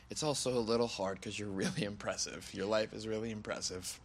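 An actor playing a lost young man who has lost his job, talking in a halting, hesitant way, outdoors by a lake. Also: lowish voice, slight background noise, natural voice. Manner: halting, hesitant, full of restarts. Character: lost young man, jobless, wry and tearful. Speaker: film character. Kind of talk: naturalistic film acting.

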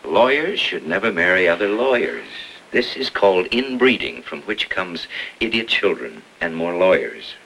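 A joking flirty neighbor, real low voice, faint hiss. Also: male voice, big pitch swings, moderate pace, bright, forceful tone, exaggerated voice, poor audio. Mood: flirting. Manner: teasing, wisecracking.

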